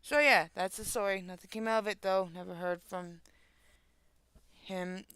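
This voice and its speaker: A woman's voice: mid-range voice, fairly even intonation, moderate pace, a bit bright, clear, resonant tone, no room sound. A young woman streamer from the northern United States, reading online stories aloud and adding casual, swear-laden commentary. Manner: casual, swears and laughs in asides.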